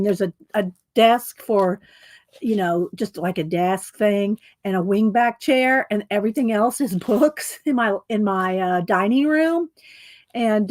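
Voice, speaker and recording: A woman's voice: medium pitch, a little mellow. A middle-aged woman hosting a casual livestream, chatting in a rambling way, laughing often and greeting her viewers. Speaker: livestream host.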